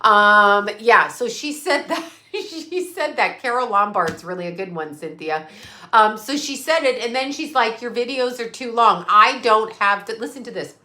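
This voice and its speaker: Blunt, bright-voiced woman ranting on a live stream. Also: on the high side, animated, a little slow. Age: middle-aged. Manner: blunt, profane, sarcastic, mocking. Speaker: psychic medium live streamer. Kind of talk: unscripted live stream rant.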